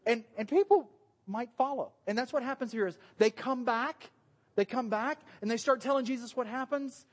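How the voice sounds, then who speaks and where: A man's voice: very high voice, in a large hall. Southern male pastor, chatty sermon, self-deprecating humor. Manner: joking, conversational, self-deprecating. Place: church meeting room.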